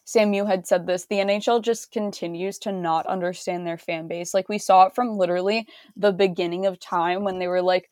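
A woman's voice: medium pitch, fairly even intonation, a little fast, a little mellow, no echo, clean studio sound. Wry woman in casual chat. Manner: wry, sarcastic, reacts with laughs. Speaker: podcast co-host.

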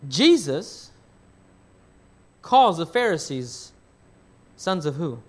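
A man's voice: a little high, sing-song, drawn-out words. A man preaching a sermon as pastor. He asks the congregation questions and answers them himself, rephrasing as he goes. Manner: rephrases and restarts mid-thought.

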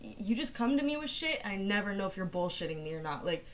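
A woman's voice: mid-range voice, very animated, quick pace, a little hiss or hum. A young woman chatting casually with her boyfriend on a podcast, teasing and laughing easily. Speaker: podcast guest, host's girlfriend. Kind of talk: casual banter.

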